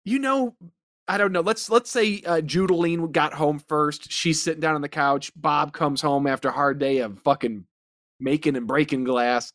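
A man co-hosting a comedy podcast, talking in a casual, animated way and breaking into silly voices. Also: fairly high pitch, normal speed. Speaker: podcast co-host.

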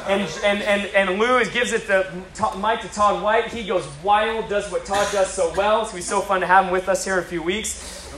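A man preaching a sermon as a story, animated and building to excitement. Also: high-pitched, fairly quick, echoey room.

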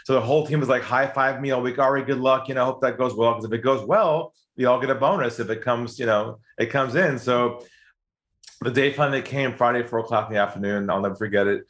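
A man telling a story with real energy, his voice climbing when he gets excited. He acts out each line he quotes instead of just reporting it. Middle pitch, conversational. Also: a little fast. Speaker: guest telling a sales story.

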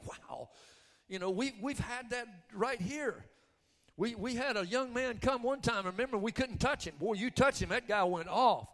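Man, pastor, sermon storytelling, fairly high voice, long hall reverb. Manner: animated testimony, swings from loud to hushed.

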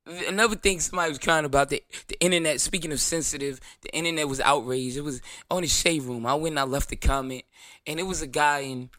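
A man's voice: on the high side, fast talker, sharp tone, no room sound, clean studio sound. A man with a New York accent hosting his own show, delivering a brash, profane, defiant rant and mocking his critics in whiny voices. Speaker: show host. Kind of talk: ranting monologue.

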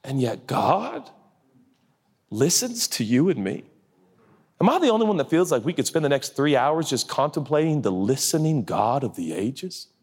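Animated husky-voiced male preacher. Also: moderate pace. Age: adult, a father. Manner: animated, jumps into high-pitched acted voices, then drops low and soft. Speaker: pastor. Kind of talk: sermon.

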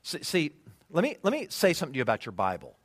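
Male pastor, high-pitched, very expressive, dry close sound. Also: quick pace, dry recording. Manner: animated, conversational preaching with rhetorical questions. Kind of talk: sermon.

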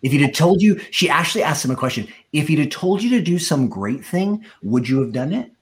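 A man's voice: sing-song, brisk. Man preaching his testimony. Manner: storytelling, acts out quoted voices with rising pitch. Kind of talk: sermon testimony.

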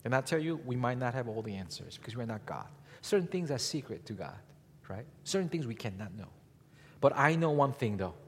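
A man preaching a sermon as pastor, speaking in an animated way and asking the congregation rhetorical questions. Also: mid-range voice, fairly quick, a little hiss or hum. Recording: long hall reverb.

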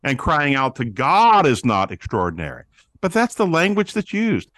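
Animated preaching man, dry close sound. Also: fairly high pitch, moderate pace, no room sound. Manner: animated preaching, acts out quoted voices. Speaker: guest, pastor-author on prayer. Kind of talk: teaching interview answer.

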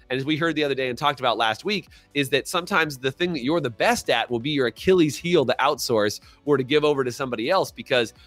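A man's voice: medium pitch, quick pace, few pauses, no room sound. Guy cohosting a coaching podcast, acts out scenes, dry mic, bit of music under it. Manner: animated, acts out quoted dialogue; asks listeners to comment in chat. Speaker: podcast co-host. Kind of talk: business coaching podcast talk.

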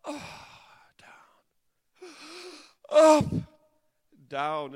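A man preaching a dramatic sermon, swinging from hushed passages to impassioned cries. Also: a little high, clear, resonant tone, big-room sound.

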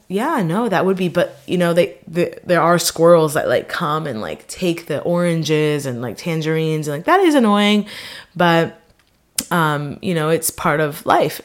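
Chatty woman telling a story. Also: lowish voice. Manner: chatty, lots of fillers, quotes people in bursts. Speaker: vlogger. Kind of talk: casual storytelling.

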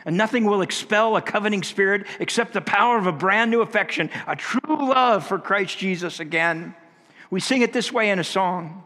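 A man's voice: on the high side, normal speed, pushed and bright. A man preaching a sermon in an earnest, conversational way, swinging his voice up and down for emphasis. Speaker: pastor. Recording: long reverb of a large hall.

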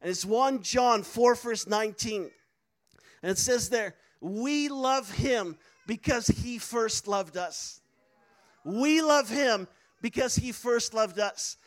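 A man's voice: very high-pitched, slow. A man preaching a sermon, telling a personal story earnestly with many fillers and restarts. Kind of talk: sermon testimony.

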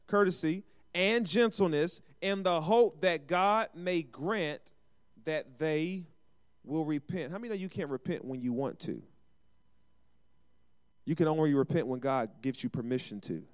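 A man's voice: on the high side, unhurried, smooth. A man preaching a sermon as pastor, calling for amens and acting out short everyday exchanges. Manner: call-and-response preaching with acted asides.

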